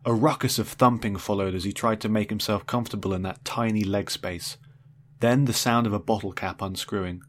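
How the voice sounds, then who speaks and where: A man's voice: fairly low pitch, steady tone, a little fast. Man with a wry, dry storytelling voice. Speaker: narrator. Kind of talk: first-person audiobook narration.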